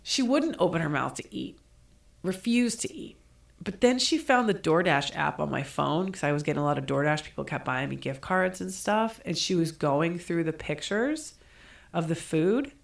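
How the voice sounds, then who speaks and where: A woman's voice: sits low, moderate pace, vocal fry. A middle-aged woman co-hosting a podcast, telling a personal story in a casual chat and acting out quotes with bursts of laughter. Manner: animated, acts out quotes with laughter. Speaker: podcast co-host.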